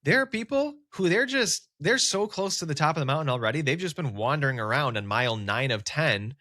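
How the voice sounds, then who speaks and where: A man talking casually as a business coach on a solo podcast, with lively emphasis. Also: fairly high pitch, brisk, no echo, studio quality. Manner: casual, conversational, animated emphasis.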